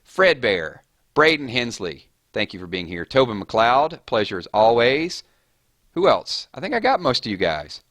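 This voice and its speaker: A man's voice: mid-range voice, very animated, fairly bright tone, no echo. A man hosting a casual live stream, rattling off chat names and thanking viewers. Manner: rapid-fire, chatty, reading names off chat.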